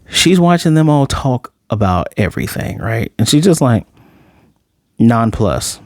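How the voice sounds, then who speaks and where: A man's voice: medium pitch, expressive, normal speed, dry recording, clean studio sound. A man reviewing an anime episode in a casual, rambling, blunt way.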